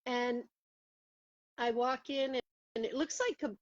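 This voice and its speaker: A woman over forty in casual conversation, telling a personal story in an animated way, laughing often and acting out what people said. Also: sits high, a little slow, dry recording. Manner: animated, laughing, acts out quotes with rising voice. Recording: muffled lo-fi audio.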